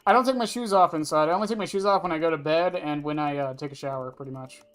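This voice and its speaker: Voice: mid-range voice, fast, soft background music. A game streamer at a desk chatting casually with viewers, rambling and offhand, answering chat questions and swearing now and then. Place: at a desk indoors.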